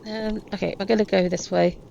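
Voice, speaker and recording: A woman's voice: mid-range voice, steady tone, fairly quick, vocal fry, warm tone, highs cut off, slight background noise. A woman hosting a gaming video, giving casual, chatty commentary with amused asides.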